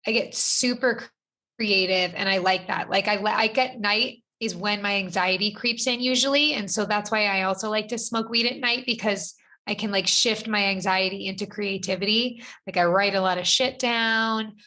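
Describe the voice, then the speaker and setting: Bright-toned woman co-host, rambly casual chat, says like a lot. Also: mid-range voice, moderate pace. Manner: rambling, full of "like" fillers. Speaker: podcast co-host.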